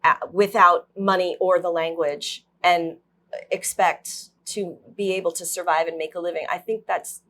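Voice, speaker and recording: Woman host, casual interview, encouraging questions, lowish voice. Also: steady tone, normal speed, fairly bright tone.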